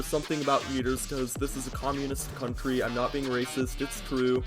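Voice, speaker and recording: A young American man telling a story-time vlog, loud and hyped, often yelling into a close microphone. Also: medium pitch, level tone, a little fast, music in the background. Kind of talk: casual storytelling.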